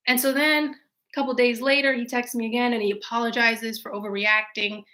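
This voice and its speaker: A young woman hosting a casual live stream from home, chatting with viewers and telling a dating story in an animated way. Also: a little high, normal speed.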